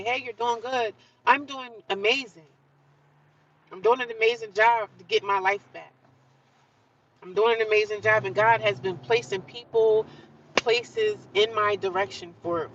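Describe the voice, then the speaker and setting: Bright, chatty woman vlogging from her car. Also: medium pitch, distant mic, highs cut off, slight background noise. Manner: chatty, rambling, self-encouraging. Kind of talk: casual vlog talk to viewers. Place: in a car at a gas station.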